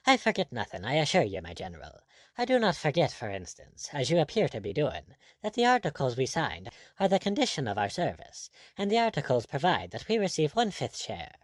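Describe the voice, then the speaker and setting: A man's voice: fairly high pitch, huge pitch swings, brisk, no room sound, voice pushed up. A man reading the part of a cool, insolent buccaneer captain with an ironic manner.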